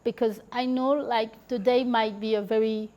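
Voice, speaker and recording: On a podcast, a female guest with a fairly high, slightly mellow voice speaks at a moderate pace with fairly even intonation, and the audio sounds dull. Her talk is relaxed storytelling, thick with "like" and "you know," plus an occasional laugh.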